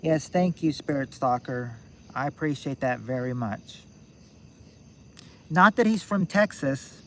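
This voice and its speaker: A man's voice: medium pitch, animated, unhurried, a bit bright, a little hiss or hum. A man of about sixty hosting a game-night stream, rambling and thinking aloud with many restarts. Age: 60s. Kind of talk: casual live-stream chat.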